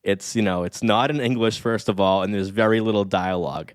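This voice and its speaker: A man in his thirties talks through a casual podcast chat, rambling and eager. His voice sits a little low and comes out smooth and resonant. The close mic gives a dry sound with no room behind it. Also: brisk, dry recording. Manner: enthusiastic, reflective, rambling. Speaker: podcast guest, statistics expert.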